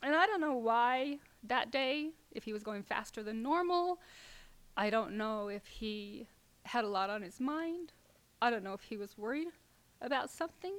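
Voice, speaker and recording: A middle-aged woman telling a personal story to an audience, halting and filler-heavy, sometimes dropping to a near whisper. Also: a little high, animated.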